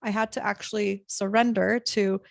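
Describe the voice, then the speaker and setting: A young woman with a gravelly edge tells a story to her podcast guest, animated and quick to act out the voices of others. The sound is close and dry, with no room around it. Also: medium pitch, no echo. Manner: animated, acts out quoted lines with laughter. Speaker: podcast host. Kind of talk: casual storytelling chat.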